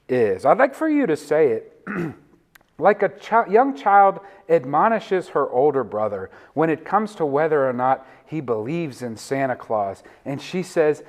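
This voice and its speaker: A male pastor delivers a sermon in a fairly high voice. He chuckles between phrases and leans on single words for stress. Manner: warm, laughs often, stresses words.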